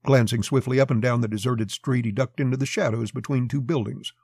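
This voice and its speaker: A man narrating a western story as an audiobook, in a steady, measured telling. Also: mid-range voice, gravelly, husky, no room sound, studio quality.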